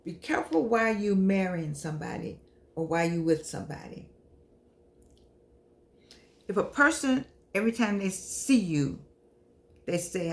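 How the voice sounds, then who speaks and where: Teary older woman with a gravelly voice. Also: on the low side. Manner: preachy, emotional, repeats phrases, calls on the Lord. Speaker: show host and humanities professor. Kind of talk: casual heartfelt monologue to camera.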